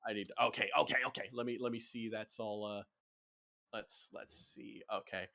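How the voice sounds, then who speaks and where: A man running a tabletop game as game master, animated and often jumping into character voices. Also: moderate pace, gravelly. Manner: animated, jumps into high-pitched character voices. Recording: faint music behind.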